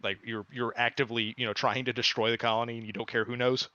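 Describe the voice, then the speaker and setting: A man's voice: medium pitch, little pitch movement, quick pace, bright, forceful tone, no echo, lo-fi sound. A man streaming and chatting casually, explaining a game in long rambling runs full of fillers. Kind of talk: casual chat.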